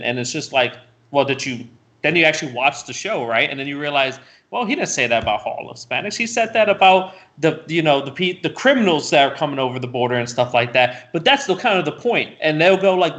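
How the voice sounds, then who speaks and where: Animated ranting man, political chat. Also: fairly high pitch, a little fast. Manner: animated, ranting, repeats words and restarts; laughs often, swears casually. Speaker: co-host.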